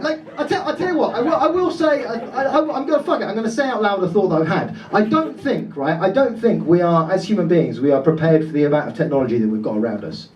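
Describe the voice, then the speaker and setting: A man's voice: sits high, far from the mic, heavy background noise. A man from Dorset doing stand-up crowd work, chatty and swearing as he talks with the audience. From Dorset, England. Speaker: stand-up comedian. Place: comedy club stage. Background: laughing crowd.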